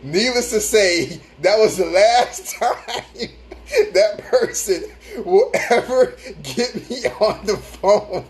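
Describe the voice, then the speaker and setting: A man hosting a casual livestream on his phone, telling stories animatedly, laughing often and greeting viewers. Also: high voice. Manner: laughs often while talking, animated storytelling; reads out and greets viewer comments. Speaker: livestream host.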